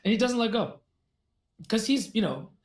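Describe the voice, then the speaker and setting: A man telling a fairy tale as a podcast guest, in an animated, jokey way with asides. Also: high-pitched, moderate pace. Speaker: guest storyteller. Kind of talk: casual storytelling in a podcast conversation. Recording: roomy echo.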